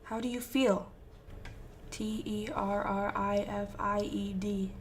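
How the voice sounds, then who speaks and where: A woman's voice: mid-range voice, slight background noise. A woman reading a fan fiction story aloud with intense, emotive narration. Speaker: fanfiction reader.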